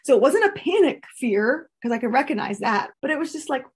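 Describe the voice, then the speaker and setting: A woman's voice: high voice, sing-song, fairly quick. A woman coaching listeners in a casual, earnest, candid talk, laughing often. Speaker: coach teaching a course.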